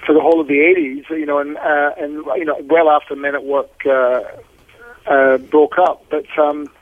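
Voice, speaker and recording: A man's voice: on the high side, level tone, normal speed, dry recording. An older Scottish man, a musician guest chatting casually on the phone, rambling with frequent restarts. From Scotland. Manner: rambling, restarts often, chuckling. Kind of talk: casual interview chat. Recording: tinny dry phone line.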